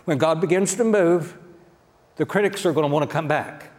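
Brief: male Oklahoman pastor, folksy and direct, slightly high voice, long church reverb. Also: moderate pace, a little mellow. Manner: folksy, direct, addressing the congregation. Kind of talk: sermon. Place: church sanctuary.

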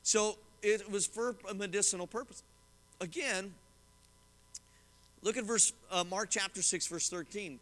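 A middle-aged man preaching in a church, his voice high and bright for a man. He talks fast and chatty, stopping to reassure his listeners, and a long reverb hangs on his words in the sanctuary. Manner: fast-talking, conversational, reassuring asides to the congregation. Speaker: pastor. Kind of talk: sermon teaching from scripture and commentary.

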